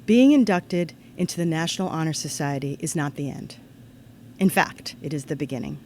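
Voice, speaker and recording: A woman giving a formal ceremony address to students, in an earnest, measured way that turns lively when she tells a story. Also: low-pitched, a little hiss or hum. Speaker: ceremony speaker. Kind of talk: formal commencement-style address.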